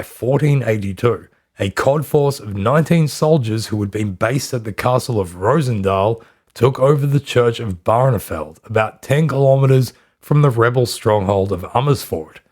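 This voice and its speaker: A man's voice: medium pitch, a little mellow. Man narrating history with dry asides. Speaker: podcast host.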